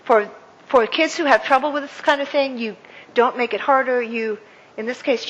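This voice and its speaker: A woman speaker leading an audience through a counting and clapping exercise, with many fillers and warm praise. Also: fairly high pitch, lo-fi sound. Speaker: guest speaker. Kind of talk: interactive workshop talk. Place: event hall with audience. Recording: echoey hall with faint ambience.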